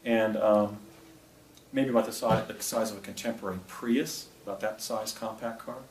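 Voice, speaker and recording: A man's voice: lowish voice, steady tone, moderate pace, darkish tone. A middle-aged man from New Jersey giving an anecdotal presentation, rambling with restarts and asides. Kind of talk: anecdotal public talk. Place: presentation room with a projector. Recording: echoey room, distant mic, faint noise.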